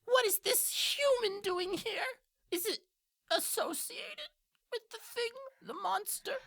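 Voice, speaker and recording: A woman's voice: slow, fairly bright tone, exaggerated voice. A woman voicing a tiny, panicky imp that shrieks frantically. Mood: suspicious. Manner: frantic and shrill.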